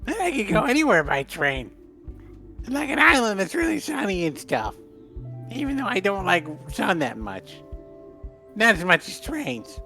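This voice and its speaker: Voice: medium pitch, huge pitch swings, moderate pace, vocal fry, pushed and bright, faint music behind, heavily acted. A streamer voicing an odd, dreamy train fan who rambles with childlike enthusiasm.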